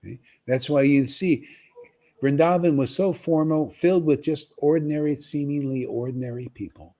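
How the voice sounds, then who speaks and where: A man giving an informal, rambling devotional talk to followers, often pausing to ask "see?" and repeating himself. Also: on the high side, a little mellow. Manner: conversational, rambling, repeats words and asks "see?". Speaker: spiritual teacher.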